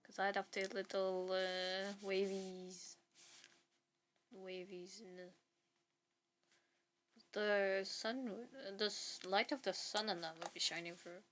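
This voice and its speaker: This young woman, an artist streamer, chats casually while she draws, with faint music in the background. Her medium-pitched voice is steady and fairly bright, and she speaks slowly with frequent pauses, rambling, interrupting herself and trailing off mid-thought.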